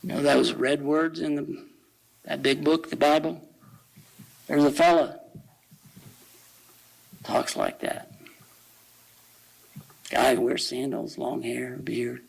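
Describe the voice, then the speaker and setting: A man giving a conversational sermon at a church service, reading quotations aloud slowly and asking the congregation rhetorical questions. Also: medium pitch, steady tone, gravelly, breathy edge, rough recording.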